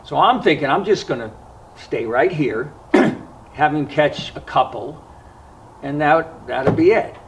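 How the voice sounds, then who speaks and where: A man hosting a fishing vlog, telling a story in a casual, unhurried way with frequent pauses and fillers. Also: a little high, expressive, distant mic, slight background noise, rough recording. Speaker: fishing vlogger. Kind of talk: casual spoken storytelling to camera.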